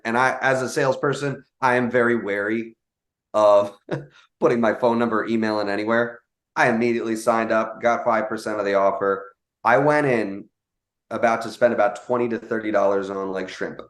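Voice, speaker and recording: A young man telling a casual story, animated, with many fillers and quoted voices. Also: lowish voice, echoey room. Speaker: guest telling a sales story.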